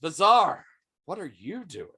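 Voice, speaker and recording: A man running a tabletop game as game master, taking his time and filling pauses with ums and uhs. His pitch moves a lot as he narrates, though he speaks slowly. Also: sing-song, pushed and bright, husky. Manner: unhurried, with frequent ums and uhs.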